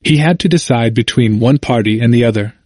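A man reading a history book aloud as scripted narration, measured and steady, lifting his voice for quoted speech. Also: medium pitch, no echo, clean studio sound. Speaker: audiobook narrator.

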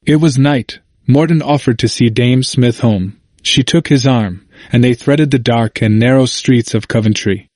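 A man reads a history book aloud in a measured, even way. His voice sits at an ordinary middle pitch. The recording is dry and close. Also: no room sound. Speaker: narrator. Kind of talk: audiobook narration of a history.

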